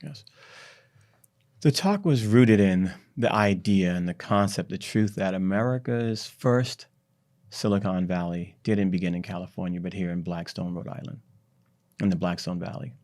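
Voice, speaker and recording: A man guest on a podcast, telling a history story in an animated, drawn-out way. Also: low-pitched. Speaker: startup CEO, podcast guest. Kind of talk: conversational storytelling.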